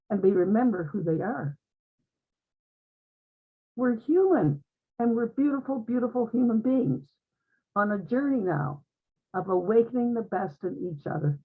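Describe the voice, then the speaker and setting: A woman with a fairly high, breathy voice speaks as a guest in an online group conversation. Her spiritual talk is heartfelt and uplifting, and she repeats phrases often. The audio has a tinny, telephone-like quality.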